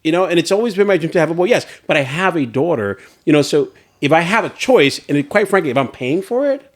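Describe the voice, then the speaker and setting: A man co-hosting a casual podcast chat, telling stories in an animated way and laughing often. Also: a little high, quick pace. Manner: animated storyteller, laughs often, acts out reactions. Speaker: podcast co-host.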